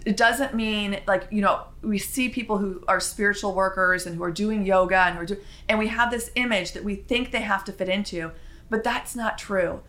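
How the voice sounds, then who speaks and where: A chatty woman with a bright, forceful tone tells a casual story. Her talk is animated, with quick asides and restarts. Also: mid-range voice. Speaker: spiritual vlogger.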